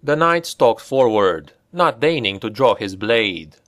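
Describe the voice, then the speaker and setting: A male narrator reading a dark fantasy story aloud. His voice sits at a middle pitch, and he narrates slowly and deliberately, giving the action a dramatic weight. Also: animated, no echo, clean studio sound. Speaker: audiobook narrator.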